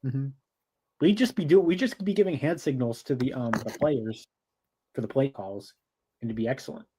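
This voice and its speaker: A man's voice: mid-range voice, normal speed, mellow, slight background noise. Joking man talking sports. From United States. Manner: joking, rambling with fillers. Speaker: sports podcast co-host. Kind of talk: casual sports chat.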